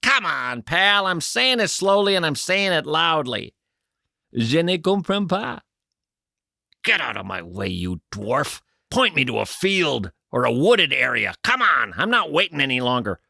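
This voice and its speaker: A man voicing a rude, impatient American tourist who shouts slowly at waiters. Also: on the high side, sing-song, gravelly, no echo, studio quality, full character voice. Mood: indignant. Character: loud, impatient male American tourist abroad.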